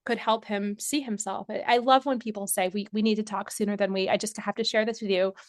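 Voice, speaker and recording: A woman's voice: mid-range voice, steady tone, fairly quick, no echo. Enthusiastic woman podcast host, dry sound. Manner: warm, affirming, enthusiastic. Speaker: podcast host, physician and coach. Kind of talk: conversational interview.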